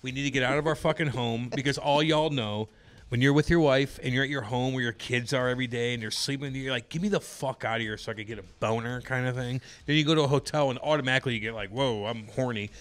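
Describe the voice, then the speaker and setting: A man's voice: mid-range voice, steady tone, quick pace, fairly bright tone. A man co-hosting a podcast, telling crude stories in a rowdy, profane, joking way. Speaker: podcast co-host. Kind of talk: casual podcast banter.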